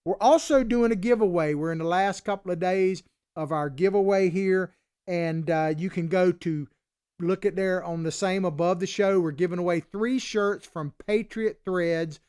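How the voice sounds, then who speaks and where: A man's voice: high-pitched, moderate pace, darkish tone, clear, resonant tone. A man from Florida with an old Southern Florida cracker accent, hosting a live political talk show in a folksy, chatty way.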